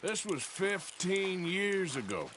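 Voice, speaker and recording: A gruff, weary outlaw trading dry jabs in a game scene. He talks very slowly in a fairly high voice, his remarks sardonic and clipped. Loud ambient noise runs under the game audio. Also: very animated, full character voice. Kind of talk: video game voice acting.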